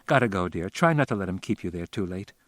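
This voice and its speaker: A man voicing a young wife who talks softly and quietly. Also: sits low, expressive, fast, no echo, clean studio sound. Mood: gentle. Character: young wife, gentle, a little defensive.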